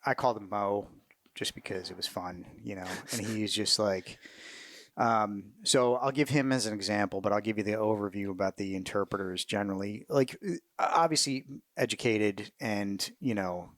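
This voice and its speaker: A man's voice: on the low side, moderate pace, fairly bright tone, dry recording. A middle-aged man, a retired Marine officer, telling war stories in a casual interview, candid and profane, with many fillers and restarts.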